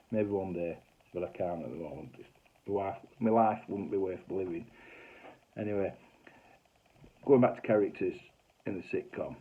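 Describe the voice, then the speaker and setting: A man's voice: sits low, breathy edge. A middle-aged man with a Northern English accent, telling funny stories in a casual, broad way with mild swearing. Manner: chatty, broad, swears mildly, acts out voices. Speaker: comedy sitcom writer telling stories. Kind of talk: casual anecdotal storytelling. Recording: tinny phone-like audio.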